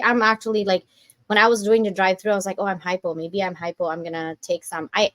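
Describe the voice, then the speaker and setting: A woman hosting a podcast in casual chat, animated and acting out little voices of other people. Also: lowish voice, no echo. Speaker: podcast host.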